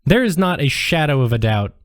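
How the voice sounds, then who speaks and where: A man's voice: on the high side, big pitch swings, a little fast, dry recording, studio quality. A man narrating a tabletop game as game master in a casual, loose way with many fillers.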